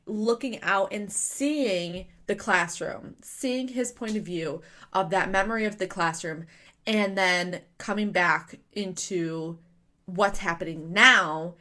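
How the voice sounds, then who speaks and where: A young adult woman giving a casual spoken review, chatty and excitable, with lots of fillers and rhetorical questions. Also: mid-range voice, takes it slowly. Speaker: manga reviewer.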